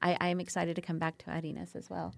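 A woman co-hosting an interview show, bubbly and full of quick reactions. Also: on the low side, completely flat delivery, vocal fry, dry recording. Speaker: podcast co-host. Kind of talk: casual interview chat.

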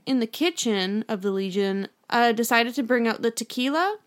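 A young woman, co-hosting a casual podcast chat, telling animated stories and swearing freely. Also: on the high side, normal speed. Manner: animated storyteller, swears, acts out voices. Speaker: podcast co-host.

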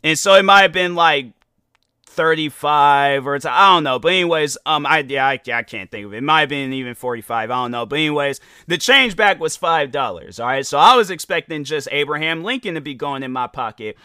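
A young man with a bright, forward voice pitched a little above the usual tells a long story on his podcast. He rambles and restarts with plenty of fillers and keeps it animated. The sound is close and dry, with no room around it. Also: fairly quick, clean tone, no room sound. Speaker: podcast host. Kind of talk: casual storytelling.

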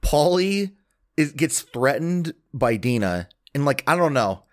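A man's voice: fairly high pitch, sing-song, unhurried. A man co-hosting a podcast, talking in a laid-back, crude, rambling way. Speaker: podcast co-host. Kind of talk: casual chat.

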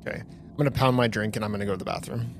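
A man playing his character in a tabletop game with wry, quick-witted banter. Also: lowish voice, steady tone, slight background noise. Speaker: player. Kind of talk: tabletop role-play. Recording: music underneath.

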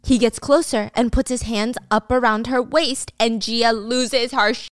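A woman's voice: a little high, fairly even intonation, measured pace, dry recording, studio quality. Chatty woman recapping a drama. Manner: chatty, blunt, swears casually. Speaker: host.

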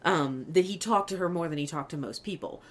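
Woman with a lowish voice on a movie podcast, laid back, laughs a lot, says yeah a bunch. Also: brisk. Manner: relaxed, laughs often, frequent agreeing interjections. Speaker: podcast co-host. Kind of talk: casual film discussion.

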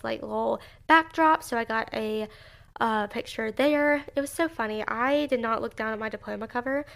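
A young woman in her twenties tells a story in a loose, chatty way, full of "like" and "you know," with bursts of giggles. Her voice sits a little high and has a gravelly fry at the ends of phrases. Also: fairly bright tone. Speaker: recent college graduate. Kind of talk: casual storytelling vlog.

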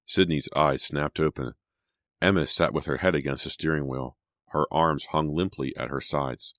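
A man narrating a teen horror novel as an audiobook, in steady, measured storytelling. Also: a bass voice, dry recording, clean studio sound. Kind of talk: scripted narration.

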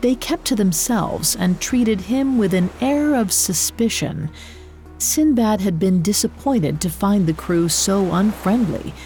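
Mellow woman narrating a story. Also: medium pitch, soft background music. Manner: measured, expressive storytelling. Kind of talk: scripted narration.

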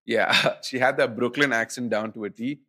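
A man's voice: mid-range voice, fairly even intonation, moderate pace, pushed and bright. A man co-hosting a podcast, chatting casually about films and rambling through fillers and restarts. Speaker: podcast co-host. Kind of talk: casual film chat.

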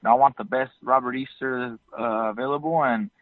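Calm man answering over a phone line. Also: mid-range voice, no room sound. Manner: calm, mellow, measured. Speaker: boxer. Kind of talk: interview answers.

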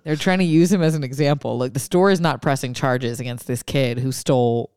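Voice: medium pitch, fairly quick, smooth, no room sound, studio quality. Wry podcast co-host from the Pacific Northwest. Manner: wry, deadpan asides, jokey bits. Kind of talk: casual chat, reading news stories.

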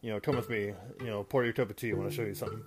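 A man doing a gruff old wizard teacher. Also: lowish voice, steady tone, rapid-fire, natural voice. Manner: casual, offhand paraphrase. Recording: guitar music in background.

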